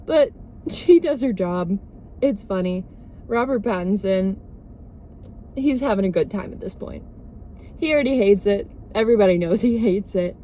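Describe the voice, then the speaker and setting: A woman's voice: mid-range voice, expressive, normal speed, pauses often, dark tone, a little hiss or hum. A woman vlogger rambling through a sarcastic, swear-filled casual movie recap.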